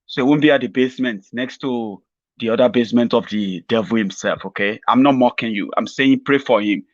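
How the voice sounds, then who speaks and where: A man's voice: mid-range voice, dry recording. Nigerian male vlog host, sarcastic rambling commentary, dull dry sound. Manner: sarcastic, rambling, laughing at his own jokes. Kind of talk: mocking political commentary vlog.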